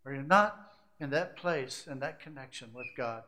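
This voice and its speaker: A man preaching a sermon, shifting from hushed, confiding asides to rising, emphatic climaxes that stack short repeated phrases. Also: mid-range voice, normal speed. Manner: repetitive, building lists of short phrases.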